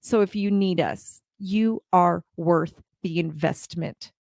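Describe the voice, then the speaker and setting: A woman's voice: fairly low pitch, slow pace, vocal fry, darkish tone, no room sound, studio quality. Earnest woman giving a heartfelt talk. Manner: earnest, repeats phrases, speaks directly to viewers. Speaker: live-stream host and community leader.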